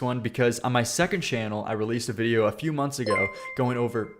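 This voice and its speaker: A man's voice: mid-range voice, quick pace, few pauses. A man hosting a casual music reaction livestream, rambling and swearing, often restarting his sentences and laughing at himself.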